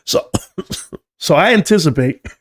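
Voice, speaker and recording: A man's voice: fairly high pitch, very animated, slow pace, slightly rough. A man giving live stream market commentary, emphatic and lecturing, often repeating key numbers. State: coughing, choked up.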